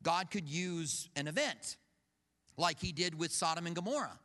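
A man's voice: on the high side, moderate pace. A man preaching a conversational sermon, telling personal stories and acting out what people said. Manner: storytelling, acts out quoted voices, animated. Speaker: pastor. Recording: long reverb of a large hall.

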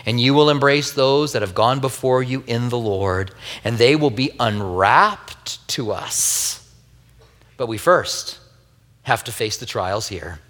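This man's sermon comes in a mid-range, somewhat bright voice with lively intonation, taken slowly. Earnest as he retells a Bible story, he slips in wry asides and a tender, grieving personal tone, and the hall adds a long reverb.

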